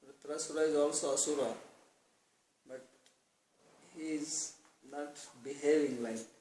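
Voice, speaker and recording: A man with a slightly high voice gives a devotional scripture class, explaining each verse through homely examples and chanting the lines slowly. He is heard from some distance in a roomy hall, with a faint hum of ambience behind him. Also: fairly even intonation, warm tone. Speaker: lecturer on scripture.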